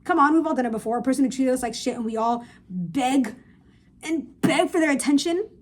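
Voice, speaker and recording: Here a young woman vlogger with a high voice and lively intonation rants a little quickly in a casual podcast style. Recorded on her phone camera, she hands viewers blunt, emphatic, profane advice.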